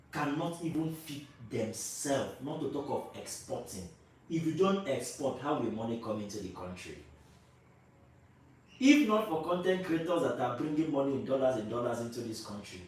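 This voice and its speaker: A man's voice: mid-range voice, darkish tone. Nigerian guy ranting at the camera, keeps repeating himself, very echoey room, mic a bit far. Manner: emphatic, repetitive, rhetorical questions to viewers. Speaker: vlogger. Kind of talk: opinionated commentary to camera.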